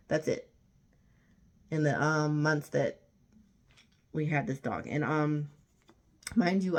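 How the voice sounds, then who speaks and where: Low-pitched woman ranting on her vlog, really emphatic and fed up, keeps repeating herself. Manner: emphatic, indignant, repetitive. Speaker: vlogger. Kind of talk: storytime rant to camera.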